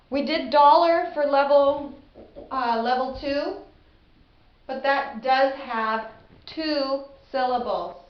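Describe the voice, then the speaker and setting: A middle-aged woman teaches a casual spelling lesson and sounds out each word unhurriedly. Her voice sits a bit high, and her manner is chatty and self-deprecating. The audio is slightly dull and echoes off the room.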